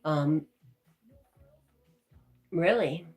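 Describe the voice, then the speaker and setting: A woman's voice: low-pitched, very slow, darkish tone, faint music behind. A woman hosting a livestream, talking casually and affectionately with viewers as she reads and answers their comments. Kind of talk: casual live-chat talk.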